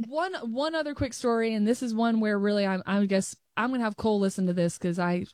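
A woman's voice: medium pitch, a little fast, a little mellow, no room sound, clean studio sound. A young adult woman co-hosting a show, telling stories in a chatty way with frequent restarts. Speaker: co-host. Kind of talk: casual chat.

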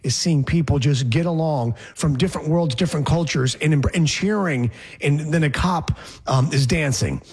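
A man's voice: fairly high pitch, moderate pace, darkish tone, slightly rough. A man hosting a sports talk show, chatting casually with rambling, sarcastic asides.

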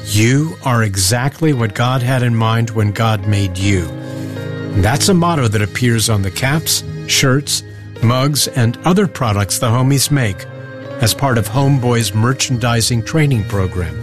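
Measured male radio host, music behind. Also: mid-range voice, lively intonation. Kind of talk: interview questions and scripted narration.

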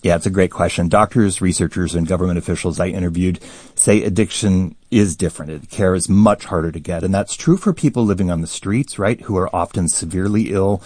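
A man's voice: deep voice, fairly quick, darkish tone, no room sound. A man speaking as a news correspondent, explaining his reporting steadily in a radio interview.

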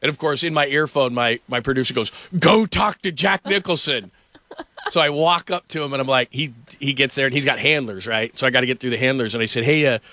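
A male sports radio host with a bright, forceful voice. He rambles through his stories with fillers and false starts. The sound is close and dry, with no room around it. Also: mid-range voice, fast, no echo. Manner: rambling storyteller, many fillers and restarts. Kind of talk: casual sports talk.

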